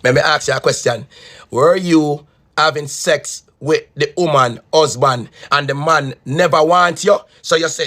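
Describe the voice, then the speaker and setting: Man, mocking, repetitive, insulting, high-pitched. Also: a little slow, sharp tone. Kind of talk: heated video rant.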